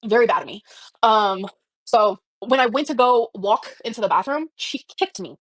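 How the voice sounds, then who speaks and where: A woman's voice: on the high side, animated, moderate pace, a bit bright, dry recording. A woman livestreaming, telling a personal story in a rambling, emotional way with many fillers. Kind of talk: casual livestream chat.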